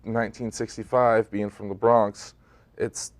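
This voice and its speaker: A man, a stage actor, talking about his role in a relaxed, thoughtful, conversational way during a studio TV interview. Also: on the low side, unhurried, dry recording. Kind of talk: local TV interview.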